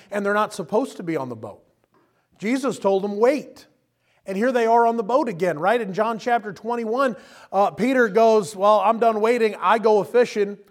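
A man's voice: fairly high pitch, darkish tone. A man preaching a sermon in a casual, conversational way, often chuckling and acting out the people he quotes. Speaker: pastor.

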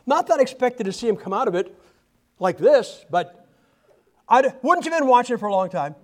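High-voiced, animated male preacher. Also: a little fast. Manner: animated, humorous, with frequent restarts. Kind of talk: sermon.

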